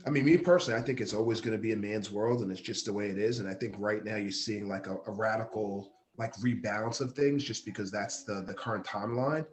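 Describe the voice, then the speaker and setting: A man who is a guest on a casual podcast, giving earnest, measured opinions. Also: on the low side.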